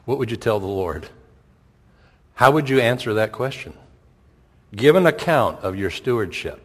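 Middle-aged pastor preaching in an echoing hall. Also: male voice, mid-range voice, animated, normal speed, a bit bright. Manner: conversational preaching, rhetorical questions, repeats himself. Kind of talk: sermon. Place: church sanctuary. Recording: long hall reverb.

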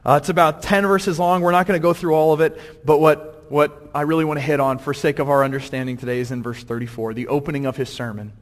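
A pastor preaches with animation and acts out scenes in character voices. His voice sits fairly high for a man and rings with a long echo through a church sanctuary. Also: little pitch movement, quick pace, few pauses. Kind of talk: sermon. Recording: long hall reverb, church.

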